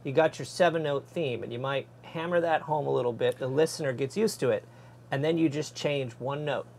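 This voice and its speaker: A man's voice: medium pitch, a little fast, creaky, darkish tone, a little hiss or hum. Thoughtful man explaining guitar ideas. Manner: thoughtful, explanatory, with some stammering restarts. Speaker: guest guitarist. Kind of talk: casual explanation of guitar technique.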